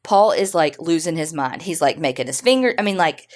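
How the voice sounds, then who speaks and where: A woman with a somewhat low voice tells a true-crime story to her co-host. She talks casually, with plenty of fillers and swearing thrown in. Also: animated, a little fast, a little mellow. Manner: chatty, swears freely, lots of fillers. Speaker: podcast co-host.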